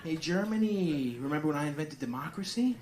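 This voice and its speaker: A man's voice: fairly high pitch, expressive, a little fast, echoey room. A brash has-been jock strutting back into the reunion, this is Greece come to life, as a man acts it out. He brags in a raised, pushy voice. Live comedy club, crowd noise all around. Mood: smug. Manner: brash, bragging. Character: Greece as a boastful washed-up high school jock.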